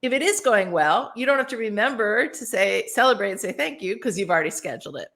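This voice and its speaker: A woman speaks as a guest on an interview podcast, her voice swooping up and down in a lively way. She explains her points with animation and slips into acted-out example phrases. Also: medium pitch, quick pace. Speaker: podcast guest, workplace author. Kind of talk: casual interview advice.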